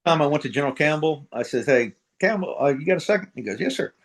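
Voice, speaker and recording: A middle-aged man from middle America, a retired Marine sergeant major, tells his stories bluntly and with plenty of swearing. His voice sits a little high, and he acts out every exchange. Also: expressive, fast talker. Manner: blunt, profane, acts out quoted dialogue. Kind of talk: casual storytelling interview.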